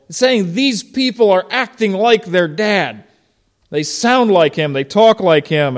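A man's voice: sits high, expressive, measured pace. A middle-aged man preaching a sermon in a conversational way, asking his congregation questions and telling stories from home. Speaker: pastor.

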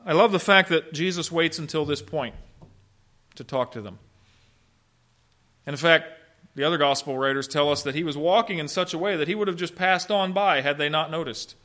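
A man's voice: fairly high pitch, normal speed, long pauses, bright, forceful tone. A man preaching a sermon, emphatic, with rhetorical questions and dry humor. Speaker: pastor.

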